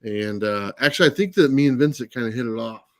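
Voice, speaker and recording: A man's voice: medium pitch, animated, quick pace, darkish tone, no room sound. Guy on a comics livestream rambling thru a story, lots of uh and you know, dry close sound. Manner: rambling anecdote with many fillers and restarts. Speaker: comics channel host. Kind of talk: casual livestream chat. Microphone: live stream mic.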